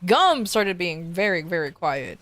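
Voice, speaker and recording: A woman streamer casually telling a story to her viewers, animated, often restarting and repeating words. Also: on the low side, a little slow. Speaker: VTuber streamer.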